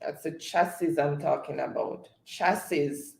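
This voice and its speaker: Slow, relaxed male stream host. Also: fairly high pitch, vocal fry. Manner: relaxed, laughs often while reading comments. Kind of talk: reading live chat aloud. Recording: echoey room.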